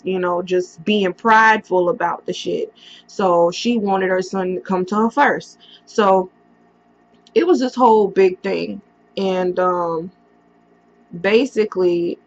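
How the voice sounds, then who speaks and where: A woman speaks slowly into a computer mic, her voice gravelly with vocal fry. She tells a painful story from her past in a casual vlog, pausing and using fillers often. The audio is dull and lo-fi. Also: medium pitch. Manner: halting, emotional retelling with many pauses and fillers.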